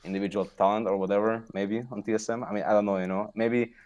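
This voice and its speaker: Young guy with a lowish voice, rambling guest on a gaming podcast, lots of likes. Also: flat delivery, fast talker, a little mellow, muffled recording. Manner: rambling, filler-heavy, laughs at himself. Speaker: guest, pro gamer. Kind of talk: casual podcast interview.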